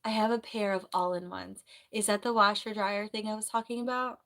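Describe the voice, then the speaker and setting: A woman on a casual live stream, chatting and rambling in a soft voice. She has a sore throat and keeps clearing it. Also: medium pitch, fairly even intonation, brisk. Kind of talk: casual live-stream chat reading comments.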